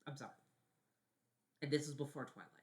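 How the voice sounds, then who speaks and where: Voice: medium pitch, a little fast. A vlogger ranting casually about favorite films, rambling, repeating words, swearing and often apologizing. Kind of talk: casual film-review vlog.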